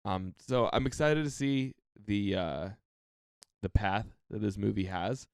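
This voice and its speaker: A man's voice: fairly low pitch, unhurried, creaky, smooth, no room sound, studio quality. A young man co-hosting a podcast, rambling casually with lots of fillers. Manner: rambling, filler-heavy, easygoing. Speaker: podcast co-host. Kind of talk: casual chat.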